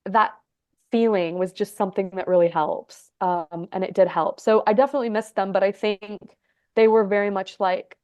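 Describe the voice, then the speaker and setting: Woman, thirties, podcast guest, chatty storytelling, filler-heavy, middle pitch, dry sound. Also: steady tone, moderate pace, darkish tone, clean tone, dry recording. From Egypt and Texas. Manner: chatty, lots of "like", laughs often. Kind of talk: casual storytelling interview.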